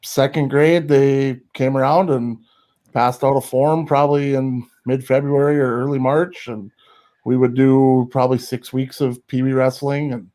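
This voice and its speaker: A man from North Dakota, a wrestling coach, answering interview questions hesitantly with many pauses. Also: medium pitch, a little mellow. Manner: hesitant, many fillers, clears throat.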